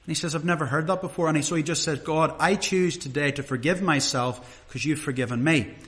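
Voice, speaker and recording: A man's voice: a little high, brisk, fairly bright tone. A middle-aged man preaching a sermon in a conversational, earnest way, asking the congregation rhetorical questions.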